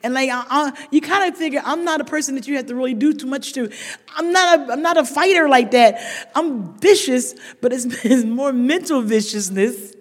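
A woman's voice: sits high, moderate pace. A woman sharing her recovery story at a meeting, raw and emphatic, talking straight to the room. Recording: long reverb of a large hall.

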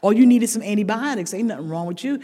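A woman's voice: medium pitch, animated, fast talker, dark tone. Raw, emphatic woman in a reverberant hall. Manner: raw and emphatic, talks straight to the room. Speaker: speaker sharing a recovery story. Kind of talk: recovery meeting share. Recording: long reverb of a large hall.

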